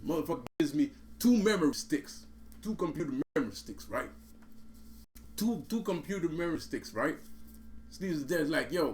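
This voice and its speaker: A man's voice: fairly high pitch, a little hiss or hum. A man telling a story in a casual, profane, streetwise way, laughing often and saying bro and man. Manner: repeats and restarts words. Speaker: vlogger.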